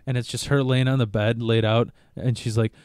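A man's voice: medium pitch, flat delivery, fairly quick, a little mellow, clean tone, no room sound. A man talks loosely on a podcast, swearing and chuckling through crude stories. His voice sits in the middle range and is recorded dry and close. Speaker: podcast co-host. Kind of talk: casual podcast chat.

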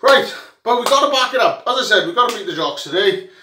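Heard from a little way off the mic in an echoing room, this Welsh rugby fan vlogger rants to camera in a high, bright voice, boisterous, swearing and joking as he gasps for breath. His delivery is animated and fast, with a faint hiss or hum underneath.

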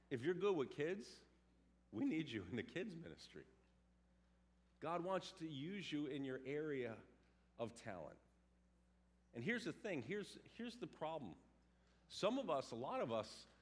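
Male pastor, animated sermon delivery, slightly higher voice. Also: measured pace, long pauses. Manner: animated, acts out quotes and sounds.

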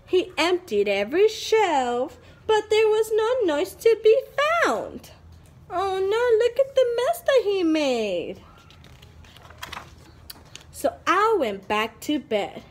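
A woman's voice: very high-pitched, sing-song, slow. A young woman, a preschool teacher, reading a picture book aloud to young children with an exaggerated, sing-song delivery.

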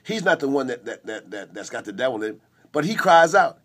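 A man's voice: medium pitch, big pitch swings, quick pace, fairly bright tone, slightly rough. A middle-aged man preaching a sermon on a recovery radio show, emphatic and repetitive with call-and-response.

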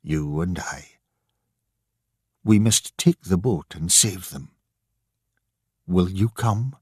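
A man voicing a quiet, resolute middle-aged father who keeps a lighthouse, in a storybook reading. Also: deep voice, very animated, measured pace, breathy edge, dry recording, studio quality, exaggerated voice. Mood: quiet resolve. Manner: quiet and firm.

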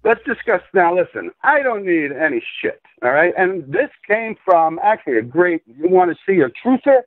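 High, lively man ranting on a phone line. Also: normal speed, no room sound. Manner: profane, insistent, lecturing. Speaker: guest. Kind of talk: conspiracy rant in a call-in interview. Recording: tinny phone-line audio.

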